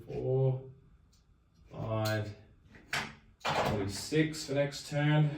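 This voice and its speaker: A man's voice: on the low side, slight background noise. A man narrating his turn in a strategy board game, methodically counting units and pieces aloud as he moves them.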